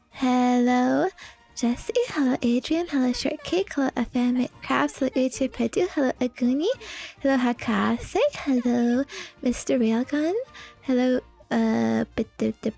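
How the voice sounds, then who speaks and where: A high-pitched woman chats with her stream audience in a giggly, teasing way. She speaks at an unhurried pace, with faint music playing underneath. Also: gravelly, warm tone. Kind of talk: casual live-stream chat.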